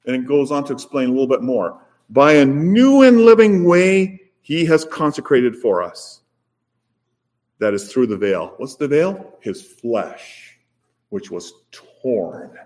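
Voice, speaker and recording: A man preaching a sermon, rising to loud emphatic peaks and then dropping to soft, low phrases. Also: sing-song, slow pace.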